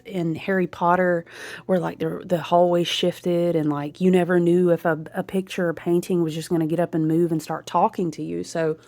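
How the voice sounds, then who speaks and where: A woman telling a story in a casual, animated vlog, often checking in with her listeners. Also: lowish voice, moderate pace, dry recording. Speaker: spiritual content creator.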